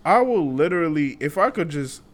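A man co-hosting a podcast, talking in a relaxed, slangy way and saying bro a lot. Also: on the high side, normal speed. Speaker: podcast co-host. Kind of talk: casual podcast chat.

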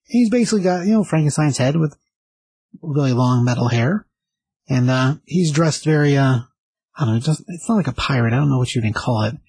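Husky man rambling through a comic recap. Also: medium pitch, lively intonation, brisk, darkish tone, no room sound, rough recording. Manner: rambling, enthusiastic summary with fillers. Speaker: comic book reviewer. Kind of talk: casual review chat.

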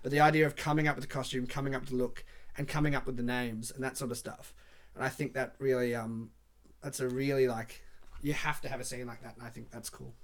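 A man's voice: medium pitch, fairly even intonation, fast talker. Thoughtful man co-hosting a podcast. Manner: thoughtful, trails off and restarts. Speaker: podcast co-host. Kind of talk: casual movie review chat.

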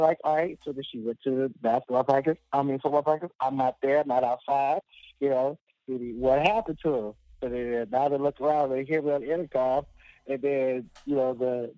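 A man's voice: medium pitch, dry recording. A man telling a long, rambling personal story as a guest, full of fillers and laughing at himself. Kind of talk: casual storytelling. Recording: dull lo-fi dry sound.

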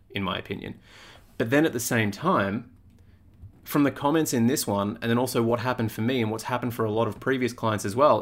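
Blunt, foul-mouthed young man podcasting. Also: medium pitch. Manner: blunt, swears often. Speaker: podcast host and fitness coach. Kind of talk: casual podcast monologue.

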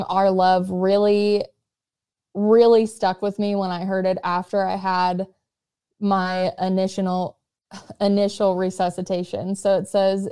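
Young woman blogger, smooth clean voice, earnest near-monotone read-along of her own post. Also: medium pitch. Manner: self-described monotone, earnest and measured. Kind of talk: reflective spoken intro and read-along of her writing.

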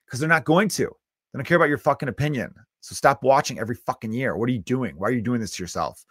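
A man's voice: mid-range voice, expressive, fast, a bit bright, husky, dry recording, studio quality. A man in his thirties hosting a solo comedy podcast, ranting bluntly with lots of swearing. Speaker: podcast host.

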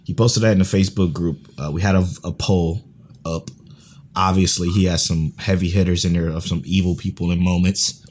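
A man co-hosting a casual podcast chat, animated and profane, laughing often. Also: low voice, normal speed. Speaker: podcast co-host.

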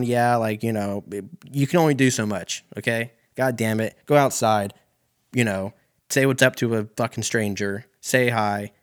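A man hosting a podcast, telling a rambling story in casual talk, swearing often and correcting himself as he goes. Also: mid-range voice. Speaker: podcast host.

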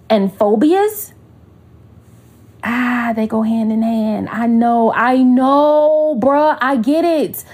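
Husky woman host, casual and animated, slangy storytelling, acts out other people's voices. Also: on the high side. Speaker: podcast host.

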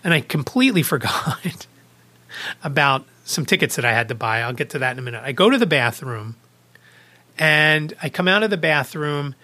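A man's voice: fairly high pitch, lively intonation, normal speed, bright, forceful tone. A man hosting a podcast, casually retelling a personal anecdote with small restarts. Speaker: podcast host. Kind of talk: casual storytelling vlog.

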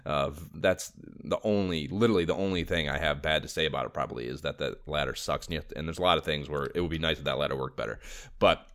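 A man co-hosting a podcast, chatting casually about games, excitable, swearing a lot and laughing often. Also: extremely low pitch, fast talker. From Los Angeles area. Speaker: podcast co-host.

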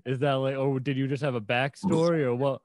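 A man hosting a casual interview, asking questions in a relaxed, fan-like way. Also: mid-range voice, a little fast, no room sound, studio quality. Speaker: interview host.

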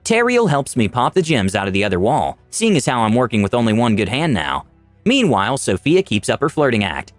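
A man's voice: medium pitch, huge pitch swings, a little fast, dry recording, soft background music. A man tells a tabletop fantasy adventure in the first person, wry and dramatic. His voice moves up and down a lot through the telling. The sound is close and dry. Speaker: storyteller of a tabletop campaign. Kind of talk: first-person story narration.

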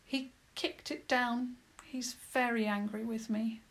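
A woman's voice: moderate pace, a bit bright. A woman voicing a lonely, brave young girl in a Tudor castle, in a children's storybook reading. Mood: hollow. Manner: high, urgent, tearful and far-off toned.

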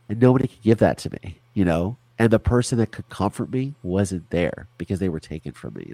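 A man's voice: sits low, sing-song, a little fast, gravelly, few pauses, warm tone, dry recording. A man as an interview guest, talking candidly and animatedly in a casual conversation over a remote call, with frequent restarts and swearing.

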